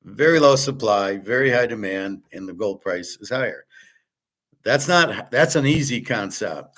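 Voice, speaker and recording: A man's voice: lowish voice, a bit bright. A man commenting on a video clip in a blunt, dismissive way, swearing often. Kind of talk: casual reaction commentary.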